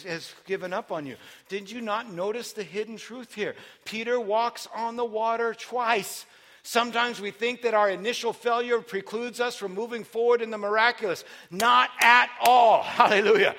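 A man preaching a sermon, telling a story with lively buildups into shouting. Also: sits high.

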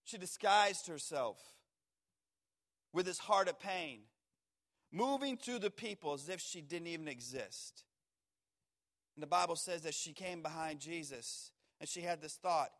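A man preaching a sermon, swinging from hushed, slow words to loud, urgent ones. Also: on the high side, lively intonation.

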